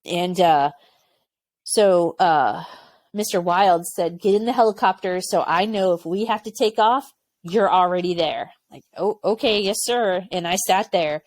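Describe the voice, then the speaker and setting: A woman's voice: on the low side, unhurried. A woman in her forties, a former Army medic, telling stories candidly in a casual interview and acting out what others said. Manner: candid, lively storytelling with quoted voices and laughter. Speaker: podcast guest, former Army aviation medic.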